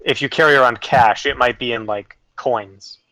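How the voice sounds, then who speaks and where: A man narrating a tabletop game as game master, rambling casually with lots of fillers. His voice sits at an ordinary pitch and sounds dry and close. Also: normal speed, bright, forceful tone, no room sound.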